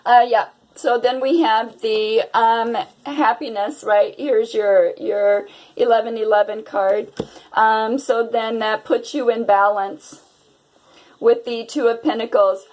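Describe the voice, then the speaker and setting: A woman's voice: on the high side, fairly even intonation, slow, a little mellow, rough recording. A woman giving a casual tarot reading to her viewers, dreamy and exclamatory. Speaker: tarot reader.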